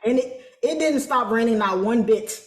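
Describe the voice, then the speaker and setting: A woman telling a story as an interview guest, animated and colloquial, acting out quoted voices. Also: on the high side, normal speed, roomy sound, a little hiss or hum. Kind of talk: casual storytelling.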